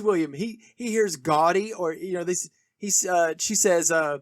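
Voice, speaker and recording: A man's voice: sits high, unhurried, dry recording, clean studio sound. A man co-hosting a podcast, casually discussing a film and eagerly sharing trivia. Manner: chatty, trivia-heavy, animated retelling. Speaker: podcast co-host.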